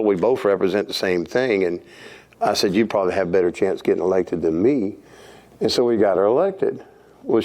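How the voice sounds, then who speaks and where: A man's voice: on the low side, darkish tone. A man with a Southern US accent, a pastor, telling stories in a plainspoken, earnest way during a Bible study. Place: church hall.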